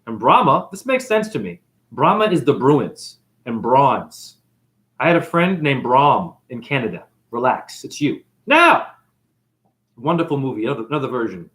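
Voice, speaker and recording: A man giving a freewheeling, jokey spiritual monologue, shouting catchphrases and acting out characters. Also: medium pitch, very animated, normal speed. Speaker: spiritual talk host.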